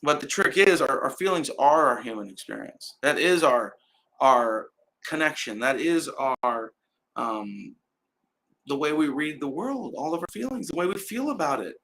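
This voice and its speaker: A man's voice: fairly high pitch, lively intonation, normal speed, bright, forceful tone, slight background noise, poor audio. A young man, hosting a casual live stream and rambling loosely with fillers and trailing laughs. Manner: many fillers and restarts.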